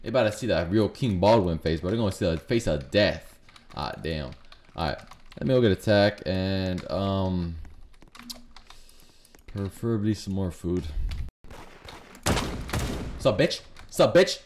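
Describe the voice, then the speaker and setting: A young man giving loud, profane, rapid-fire commentary over Roblox gameplay, trash-talking other players. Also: low-pitched. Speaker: gaming YouTuber. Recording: noisy gameplay with gunfire behind.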